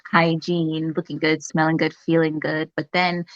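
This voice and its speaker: A woman who is a nurse, a guest in a casual interview chat, talking in a calm, reflective way with many fillers. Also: low-pitched, normal speed, no echo, lo-fi sound.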